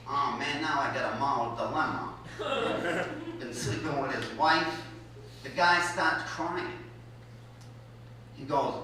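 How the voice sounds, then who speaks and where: High-voiced man telling wry stand-up stories. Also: unhurried, pauses often. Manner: wry deadpan storytelling, chuckling at own lines. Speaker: stand-up comedian. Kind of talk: stand-up storytelling. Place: live comedy show at a college venue. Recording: echoey hall, mic from far off, noisy.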